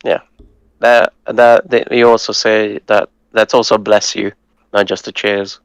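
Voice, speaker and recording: Hungarian guy teaching words, low flat voice, smooth and dry, patient and a bit hesitant. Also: dry recording, low-quality recording. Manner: patient, breaks words down slowly, hesitant fillers. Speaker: language tutor. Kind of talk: casual language lesson.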